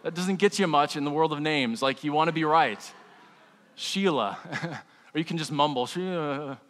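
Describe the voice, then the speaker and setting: The sound carries a long reverb, suggesting a large church sanctuary, where a pastor preaches his sermon at a moderate pace. His voice is slightly high, and his delivery is conversational and humorous, full of repeated restarts as he addresses the congregation.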